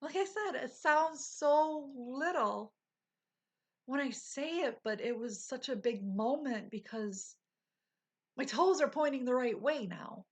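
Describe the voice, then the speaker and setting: A woman in her forties tells her story to viewers at an unhurried pace, her voice a little husky. She acts out the people in it and often sinks to a whisper. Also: sits high. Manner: animated retelling, acting out quotes, drops to whispers. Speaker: vlogger.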